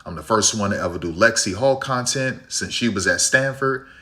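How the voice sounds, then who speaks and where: A man's voice: lowish voice, lively intonation, normal speed, pushed and bright. A man from Chicago streaming a basketball game, ranting bluntly with strong opinions and a habit of tagging "right?". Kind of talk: live game-watch commentary and rant.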